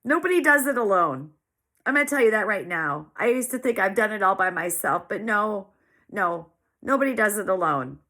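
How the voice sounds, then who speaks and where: Woman in her 40s talking from the heart, teary and sniffly, repeats herself for emphasis, medium-pitched voice. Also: animated, fairly quick, sharp tone. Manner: emotional, earnest, repeats phrases for emphasis. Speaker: small business owner sharing her story. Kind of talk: heartfelt personal monologue.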